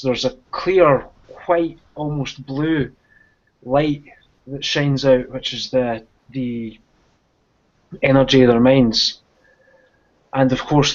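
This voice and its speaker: A man playing a tabletop game, describing his character's vision in a halting, dreamy way. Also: medium pitch. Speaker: player. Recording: dull lo-fi recording.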